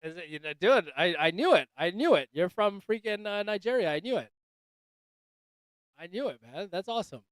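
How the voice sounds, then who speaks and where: A man's voice: high-pitched, animated, normal speed, clear, resonant tone, no room sound. A man hosting a casual livestream chat, joking loosely and swearing, calling everyone dude and bro. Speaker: livestream host. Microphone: desk microphone.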